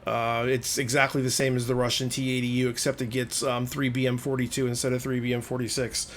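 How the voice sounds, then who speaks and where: A gaming video host narrates his own gameplay in a conversational voice-over, explaining each move as it unfolds and openly admitting frustration. His voice is mid-range with little pitch movement, a little fast. Slight background noise is present.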